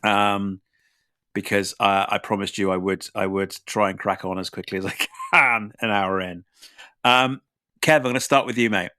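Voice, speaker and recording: A man's voice: fairly low pitch, steady tone, moderate pace, sharp tone, no room sound, studio quality. A man hosting a podcast in casual chat, rambling and self-deprecating. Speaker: podcast host.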